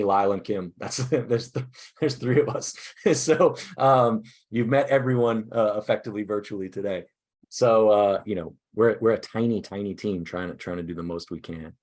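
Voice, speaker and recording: A man presenting a teacher workshop over a video call, upbeat and self-deprecating, talking casually in halting starts from his desk. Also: on the low side. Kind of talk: casual online workshop talk. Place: indoors at a desk.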